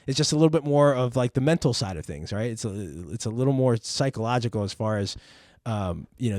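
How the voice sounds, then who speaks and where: A man's voice: medium pitch, a little mellow, no echo, studio quality. Rambling, cursing man telling a story. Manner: rambling, repeats words, swears freely. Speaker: podcast host, parent. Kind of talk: casual storytelling chat.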